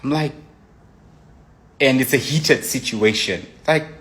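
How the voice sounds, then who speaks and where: A man's voice: mid-range voice, slow, a bit bright. A young man casually telling a personal relationship story, rambling with many restarts and frequent asides. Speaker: guest telling his side of a breakup.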